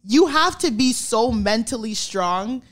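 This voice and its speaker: Animated storytelling young woman. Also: a little high, a little slow, slight background noise. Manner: animated storytelling, swearing, acting out quotes. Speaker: podcast co-host. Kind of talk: casual chat.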